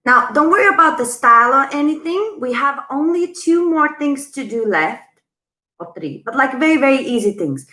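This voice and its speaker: A woman's voice: sits high, animated, normal speed, bright, forceful tone, echoey room, rough recording. A woman teaching a live online dance lesson, chatty and bubbly, counting the beats aloud as she goes. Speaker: dance instructor.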